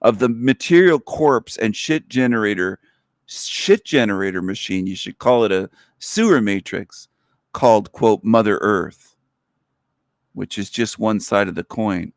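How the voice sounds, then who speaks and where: With an expressive, somewhat low voice and a slightly slow pace, a man hosting a livestream sneers through a video he plays, echoing its lines mockingly. The sound is clean studio quality with no room sound.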